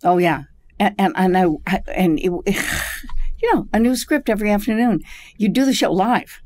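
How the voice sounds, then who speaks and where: An older actress, a guest on a podcast, telling animated stories from her career with frequent laughter. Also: mid-range voice, normal speed, no room sound. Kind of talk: casual storytelling interview.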